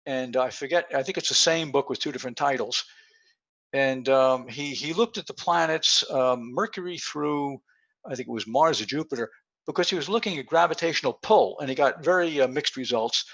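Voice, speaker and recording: A man's voice: medium pitch, moderate pace, vocal fry, fairly bright tone. A man in his seventies giving a rambling, story-filled conference presentation over a call, with many fillers. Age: 70s. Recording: muffled lo-fi call audio.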